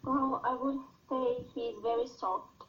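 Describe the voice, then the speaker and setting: A woman's voice: on the high side, fairly even intonation, slow, lo-fi sound, a little hiss or hum. A woman student answering in a class discussion, hesitating and searching for words.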